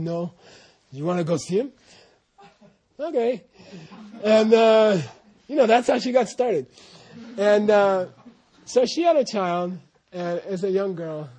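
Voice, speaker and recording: A man's voice: sits high, dark tone, slightly rough. A man, a translator, telling meandering stories to a group in a casual way, with many asides. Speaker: translator telling stories about his teacher. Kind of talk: casual anecdotal talk to a group.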